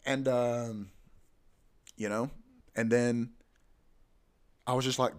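A man's voice: on the high side, fairly even intonation, fairly quick, long pauses, darkish tone. A young man hosting a podcast in a casual, profane, ranting monologue that keeps coming back to "bro.". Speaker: podcast host.

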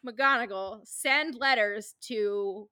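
Brief: animated woman co-host, bright and a touch high, dry studio sound. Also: takes it slowly, no echo. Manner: animated, swearing, acting out silly voices. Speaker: podcast co-host. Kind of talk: casual chat.

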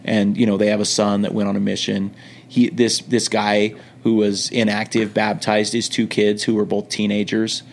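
A middle-aged man telling stories in a laid-back, joking way as a podcast guest, with lots of quick restarts. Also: fairly low pitch, completely flat delivery, a little hiss or hum. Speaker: podcast guest, returned missionary. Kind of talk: casual storytelling.

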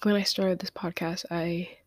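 Tearful young woman, slow and soft. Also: fairly low pitch, level tone, no room sound. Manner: tearful, halting, many fillers, often drops to a whisper. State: crying. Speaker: podcast host. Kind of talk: personal confessional monologue.

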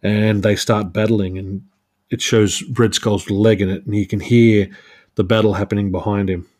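A podcast host with a lowish, darkish voice and a level tone at normal speed recaps a comic book issue casually. He's loose and self-mocking, laughing at his own jokes.

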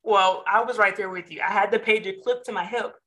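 A woman's voice: mid-range voice, fairly quick. A woman in her thirties, a physician guest on a podcast, chatting casually and telling stories with voices for the people in them. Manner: animated storyteller who acts out quoted voices.

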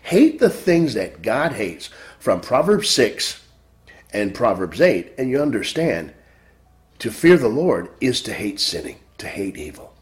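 Emphatic preacher man, lively pitch. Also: unhurried. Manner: emphatic, repeats phrases, swings between loud stresses and quiet drops. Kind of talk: sermon.

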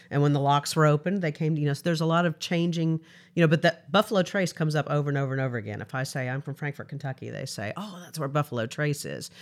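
A man hosting a casual conversation, relaxed and pausing with fillers. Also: a little high, smooth.

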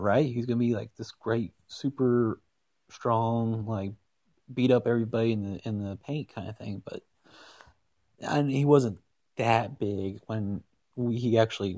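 Low, warm-toned male podcast host, excitable and rambling, dry close-mic sound. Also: no room sound. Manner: rambling and excitable, many restarts. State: hiccups. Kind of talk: solo sports podcast talk.

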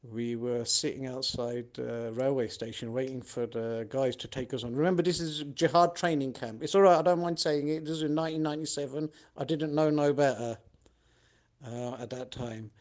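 A podcast host tells his own stories in an easygoing, conversational monologue at a moderate pace. His voice sits at an ordinary middle pitch, and he turns animated whenever he acts out other people's lines.

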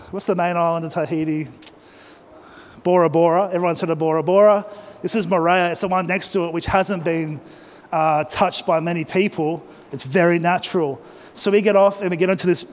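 An Australian man preaching, telling a personal travel story in a conversational way and speaking directly to the audience. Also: high-pitched. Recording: long reverb of a large hall.

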